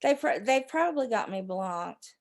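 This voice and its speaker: A woman's voice: on the high side, animated, normal speed. A middle-aged woman, hosting a rambling live chat with her viewers and laughing often. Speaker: livestream host.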